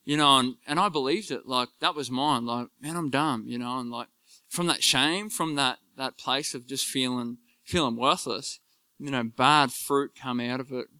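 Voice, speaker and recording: A man giving an earnest personal faith testimony, halting and full of fillers. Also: mid-range voice, bright, forceful tone, clean tone, no room sound. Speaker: church member giving testimony.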